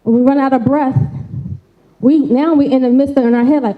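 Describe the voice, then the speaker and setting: A woman's voice: sits high, fairly even intonation, brisk, phone-quality sound. A woman giving an interactive live talk, coaxing the crowd with casual call-and-response and frequent "right?" tags. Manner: colloquial, folksy phrasing. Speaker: speaker giving a talk on mental health. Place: event stage before a live audience.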